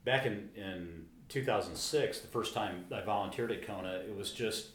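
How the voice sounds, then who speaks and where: A man talking casually as a co-host, earnest and halting, often restarting his sentences. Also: on the low side, fairly bright tone, a little hiss or hum. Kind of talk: casual chat. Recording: echoey room with faint ambience.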